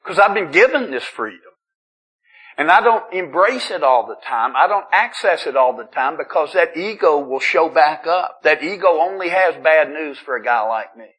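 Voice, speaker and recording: Middle-aged man giving a testimony at a meeting; husky, slightly high, chatty, trips over his words. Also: lively intonation, moderate pace, fairly bright tone, poor audio. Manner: conversational storytelling with self-deprecating humor; frequent restarts and stammering. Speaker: recovery meeting speaker. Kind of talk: personal testimony talk. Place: meeting room.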